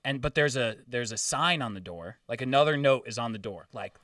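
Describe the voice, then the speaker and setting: A young man hosting a podcast, telling a story in casual chat, swearing often and getting animated. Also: medium pitch, fairly quick, no room sound, studio quality, recorded from a distance. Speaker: podcast host.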